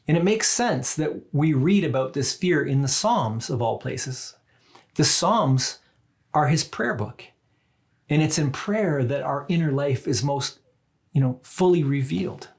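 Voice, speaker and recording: Gravelly man preaching a reflective sermon. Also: mid-range voice, darkish tone. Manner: reflective, conversational preaching with asides to listeners. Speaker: pastor.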